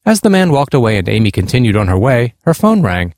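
A man narrating a true account in an earnest, measured way, with a lively, expressive rise and fall. The recording is close and dry. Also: mid-range voice, dry recording. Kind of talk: reading a nonfiction account aloud.

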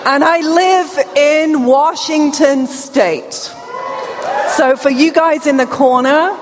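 High-voiced British woman with a deaf accent. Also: slight background noise. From England. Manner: upbeat, playful, engages the crowd. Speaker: keynote speaker. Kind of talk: conference keynote. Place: large hall. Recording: long hall reverb.

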